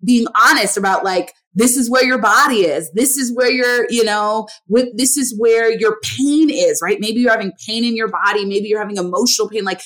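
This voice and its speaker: A woman's voice: fairly high pitch, moderate pace, hardly any pauses, a bit bright. A woman hosting a podcast, talking in an earnest, emphatic, conversational way and often tagging her points with "right?". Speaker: podcast host. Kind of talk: casual conversational interview.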